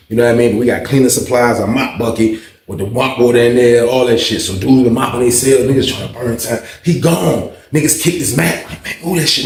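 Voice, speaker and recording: A man's voice: medium pitch, reverberant. A man telling a story in a casual, profane way, acting out his own lines with big jumps in voice. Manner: animated, profane, acts out his own quotes.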